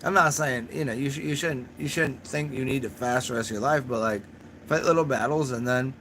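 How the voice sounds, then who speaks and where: A man's voice: medium pitch, brisk, fairly bright tone. Tipsy young guy rambling on a stream, mid voice, cussing, laughing at himself, faint road noise. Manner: rambling, profane, laughs at his own jokes. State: a little drunk. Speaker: channel host answering live chat. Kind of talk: casual livestream chat.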